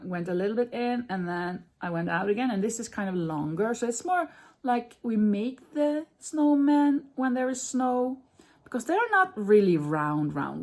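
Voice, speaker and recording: A woman's voice: medium pitch, a little mellow. A woman in her fifties, a Norwegian native speaker, chatting casually in a crafting vlog while she works and corrects herself as she goes. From Norway. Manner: chatty, thinks aloud, self-correcting. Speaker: crochet vlogger.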